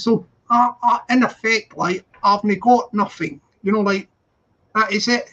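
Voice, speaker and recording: A man's voice: high-pitched, steady tone, a little slow, bright, forceful tone. A man with a London accent hosting a live stream, talking hesitantly and agreeably with a lot of fillers. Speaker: channel host. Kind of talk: casual chat on a live stream. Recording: dull lo-fi sound.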